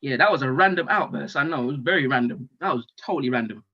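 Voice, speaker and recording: Male stand-up comic, with touches, lively swooping delivery, dull lo-fi stream sound. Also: medium pitch, fast talker, breathy edge. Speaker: stand-up comedian. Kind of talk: stand-up comedy monologue.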